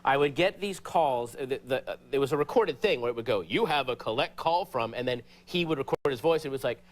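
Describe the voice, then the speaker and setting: A man, a comedian guest on a late-night talk show, telling stories in an animated way and jumping into high, excited voices for the people he quotes. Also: fast. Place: TV studio before a live audience.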